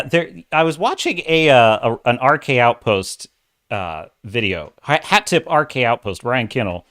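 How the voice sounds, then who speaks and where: A middle-aged man hosts a casual livestream and talks at mid pitch. He rants with strong opinions, pauses to read viewer chat messages aloud, and then goes back to his commentary. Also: a bit bright. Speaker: livestream host.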